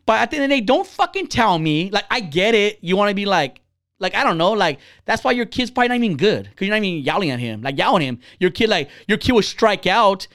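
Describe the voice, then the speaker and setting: This fast-talking man in his thirties swears freely while bluntly spinning stories in casual conversation, voicing quoted people with big pitch swings. It's studio quality with no room sound.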